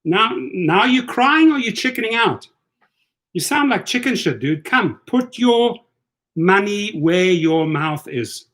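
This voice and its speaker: A man's voice: high voice, expressive, slow pace, a bit bright. A man hosting a casual livestream, taunting a viewer in a combative, repetitive way. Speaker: livestream host.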